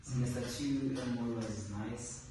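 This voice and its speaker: A man's voice: medium pitch, steady tone. A young man, a medical student joking casually about his grades. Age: young adult. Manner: joking, deliberate casual talk. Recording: echoey room, distant mic, background noise.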